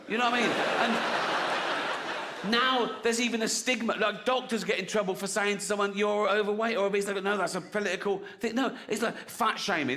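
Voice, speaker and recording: A middle-aged man from England performing a stand-up comedy set, animated and often laughing at his own jokes as he acts out little voices. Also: high voice. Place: theatre stage before an audience.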